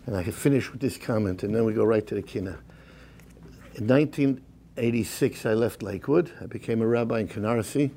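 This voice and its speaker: A middle-aged man, a rabbi telling a story in a sermon, shifting from hushed whispers to rising fervor and mixing in Yiddish and Hebrew phrases. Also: mid-range voice, a little fast, creaky, slight background noise. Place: synagogue.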